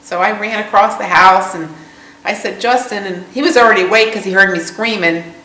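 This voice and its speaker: A middle-aged woman, a veteran's mother, telling her story in a documentary interview in a somber, halting way. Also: medium pitch, pushed and bright, reverberant, recorded from a distance, low-quality recording.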